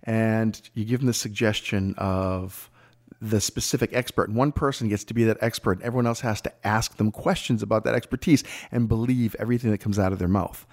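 A man who teaches improv, telling stories about his classes in a casual conversation, his voice swinging up with excitement and trailing off quietly. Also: on the low side, fairly quick.

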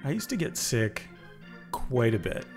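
A man co-hosting a podcast, talking in a relaxed, chatty way with lots of fillers. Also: mid-range voice, a little slow, soft background music. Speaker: podcast co-host. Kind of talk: casual chat.

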